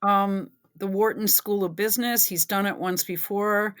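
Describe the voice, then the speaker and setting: A woman's voice: mid-range voice, fairly even intonation, measured pace, few pauses, no echo. A woman talking casually and sarcastically over a clip she is reacting to, dropping swear words as she goes. Her voice sounds close and dry, with no room around it. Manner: sarcastic, swears, breaks into laughter. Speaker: reaction video host. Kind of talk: casual commentary over a video.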